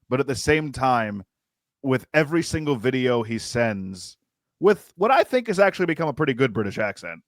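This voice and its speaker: A man's voice: mid-range voice, no room sound, studio quality. A man co-hosting sports radio, teasing his guest in casual chat. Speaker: radio co-host.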